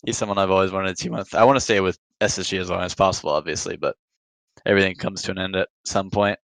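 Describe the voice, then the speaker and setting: A man on a podcast as the guest, chatting casually and trailing off into quiet mumbles. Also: sits low, steady tone, fast, creaky, no echo, poor audio. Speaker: podcast guest, pro esports player. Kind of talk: casual chat.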